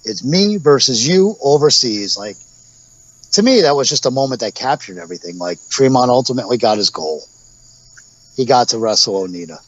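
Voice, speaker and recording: Male guest, 40s, chatty anecdotal storyteller, mid pitch, muffled podcast audio. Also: lively intonation, fairly quick, pauses often. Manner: rambling storyteller, acts out quotes with laughs. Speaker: guest, professional wrestler. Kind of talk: casual podcast interview.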